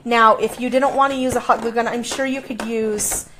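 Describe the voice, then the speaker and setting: A woman's voice: on the high side, fairly even intonation, moderate pace, a bit bright, a little hiss or hum. A middle-aged woman demonstrating a craft in a chatty, playful way, explaining each step. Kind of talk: casual craft tutorial.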